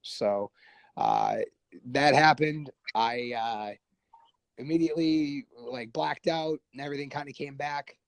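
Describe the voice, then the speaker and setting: A man guest on a podcast telling a war story casually, animated and profane, acting out what others said. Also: medium pitch, measured pace, vocal fry, no echo, low-quality recording. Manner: animated, profane, acts out quoted voices.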